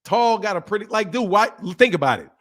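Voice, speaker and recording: A man in his forties with a fairly high voice goes on a casual, animated rant. He repeats his points again and again and breaks into laughter often. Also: a little fast. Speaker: boxing channel host.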